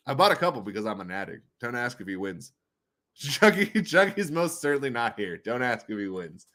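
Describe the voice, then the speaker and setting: A man hosting a casual livestream, rambling, laughing often, swearing and breaking into loud high bursts. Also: lively intonation, moderate pace. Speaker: livestream host.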